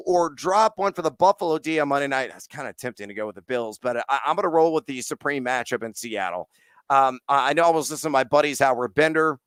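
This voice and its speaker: A middle-aged man hosting a live fantasy football Q&A, reading viewer questions and answering in energetic slangy bursts with frequent fillers. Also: medium pitch, clean tone, no room sound. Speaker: fantasy football and betting host.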